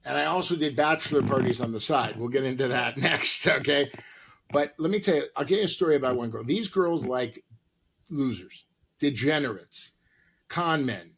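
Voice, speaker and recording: A man, an actor and comedian, telling lively stories as a podcast guest and acting out the people in them. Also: medium pitch, normal speed, slight background noise. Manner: lively, acts out voices in his stories. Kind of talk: animated storytelling.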